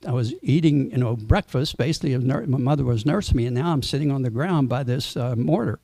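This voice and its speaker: A man's voice: mid-range voice, a little fast, vocal fry, dark tone, no room sound, studio quality. A man voicing a hungry, naughty little boy. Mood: musing. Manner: plain quoted musing in the storyteller's voice.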